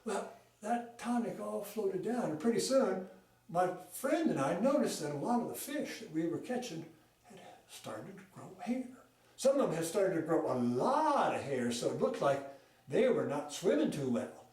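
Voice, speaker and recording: A man telling a tall fishing tale at a speaking club, folksy, with lively shifts in pace and volume. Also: sits high, moderate pace. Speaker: storyteller. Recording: echoey room, mic far off.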